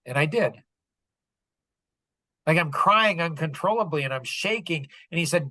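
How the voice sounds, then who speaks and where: A man's voice: a little high, animated, measured pace, pauses often, pushed and bright, no echo. A middle-aged man telling a personal story on a podcast, earnest and rambling, full of "like" and "you know". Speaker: podcast speaker.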